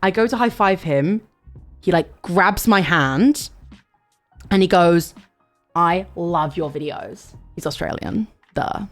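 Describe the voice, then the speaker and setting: A young woman, telling a story to her stream in a loud, animated way, with swearing and sudden shouts. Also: lowish voice, slow pace, soft background music. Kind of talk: casual storytelling chat.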